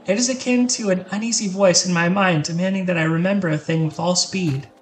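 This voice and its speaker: An actress voicing a formal, gentle and polite young woman in a video game, speaking in courteous phrasing. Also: fairly low pitch, fairly even intonation, fairly quick, a little hiss or hum, natural voice. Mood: wistful.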